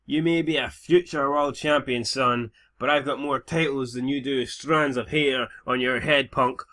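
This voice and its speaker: A brash, strutting veteran wrestling champion with a Scottish accent, voiced by a young man, taunting a younger rival with loud swagger. His tone is bright and forceful, pushed a little higher than his own talk. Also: steady tone, a little slow. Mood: boastful. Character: brash older male wrestling star, boastful.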